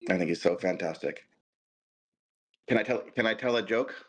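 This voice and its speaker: Man, middle-aged, podcast guest, low voice, self-deprecating, halting restarts. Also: slightly rough, low-quality recording. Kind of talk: casual chat.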